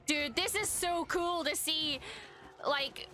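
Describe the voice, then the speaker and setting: A woman's voice: high-pitched, slow pace, pushed and bright. A woman hosting a reaction video, talking through a show in casual, emotional commentary with frequent exclamations and swearing.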